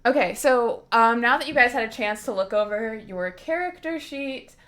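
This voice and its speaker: A woman's voice: a little high, fairly bright tone. Woman running a tabletop stream, chatty and jokey, talking over a call. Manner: chatty, brisk, joking. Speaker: dungeon master.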